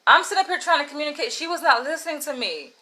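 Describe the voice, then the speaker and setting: A woman vlogger telling a casual story in an animated, exasperated way, peppered with slangy "yo". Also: sits high, rapid-fire, rough recording.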